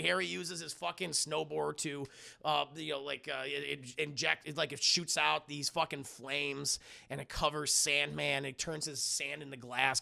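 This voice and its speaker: Man, gravelly fry, bright edge, casual profane movie recap, mocking quoted lines. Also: fairly high pitch. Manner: profane, mocking, acts out quotes in silly voices. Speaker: streamer reviewing a film.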